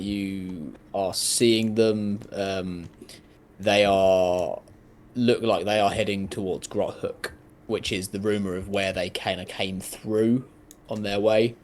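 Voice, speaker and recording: A man narrating as game master of a tabletop game, halting and soft-spoken, with many fillers. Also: on the low side, fairly even intonation.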